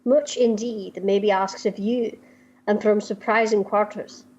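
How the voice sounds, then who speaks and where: A woman's voice: medium pitch, fairly even intonation, unhurried, darkish tone, lo-fi sound, close to an everyday voice. A woman voicing a secretive female spy with a put-on Scottish accent, speaking formally and conspiratorially.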